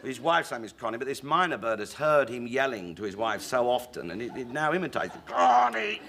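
A middle-aged English man, a comic actor and chat show guest, telling stage stories with animated character voices. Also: medium pitch, fairly quick, background noise. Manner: lively raconteur slipping into character voices. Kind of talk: anecdotal chat show storytelling.

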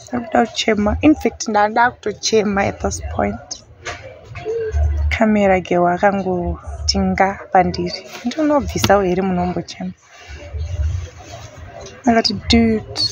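A young woman with a Zimbabwean accent narrating her own vlog, excitable and switching between Shona and English. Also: medium pitch, a little hiss or hum, rough recording. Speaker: vlogger.

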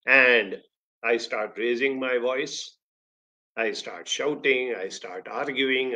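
Indian english guy giving a motivational talk, career counselor, tells stories expressively, voice jumps up then drops back. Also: lo-fi sound. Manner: expressive storytelling with sudden rises in pitch and volume.

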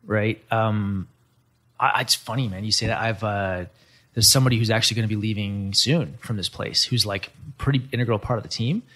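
A man chatting casually on a podcast, quick and animated, swearing freely. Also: fairly low pitch. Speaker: podcast guest. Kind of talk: casual chat.

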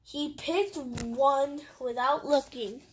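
A woman reading a picture book aloud in a careful, halting way. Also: high-pitched, a little hiss or hum. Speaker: storybook reader.

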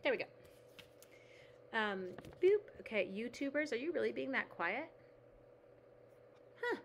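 Her voice is on the high side, gravelly and fairly bright, animated, and moderately paced, with slight background noise. The middle-aged host chats casually through a card-making livestream, reading viewer comments and talking to her materials.

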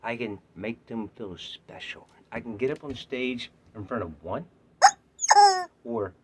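Theatrical man swinging between shouts and whispers. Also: medium pitch, husky. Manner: rhyming, playful, self-mocking. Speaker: actor auditioning. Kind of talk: self-tape audition pitch.

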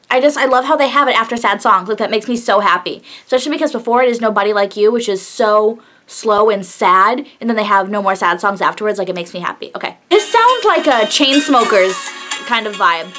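Gushing young woman, bright voice. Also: mid-range voice, lively intonation, brisk. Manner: gushing, exclaiming, swearing often. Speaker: music reaction vlogger. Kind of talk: excited music reaction. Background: faint pop music playing.

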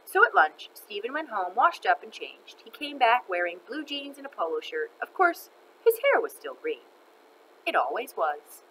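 A woman reading a children's book aloud in an expressive, animated way. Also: a little high, normal speed, a little hiss or hum, low-quality recording. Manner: expressive, animated, laughs between lines. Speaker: storyteller.

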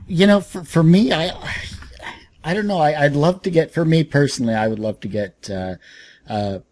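A man's voice: on the high side, moderate pace, darkish tone. A young man hosting a comics podcast interview, talking casually with lots of fillers and restarts. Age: young adult. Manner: hesitant, many fillers and restarts. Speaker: podcast host.

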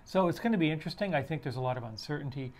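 A man co-hosting a casual discussion podcast, talking in halting runs full of restarts as he builds a point. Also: fairly high pitch, expressive. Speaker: podcast co-host.

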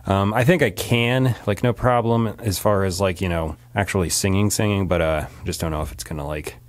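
Very deep-voiced chatty male singer. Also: fairly even intonation, a little fast, no room sound. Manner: chatty and rambling, laughs often. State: recovering from a sore throat. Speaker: singer-songwriter. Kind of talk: casual vlog chat. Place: home recording studio. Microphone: studio microphone.

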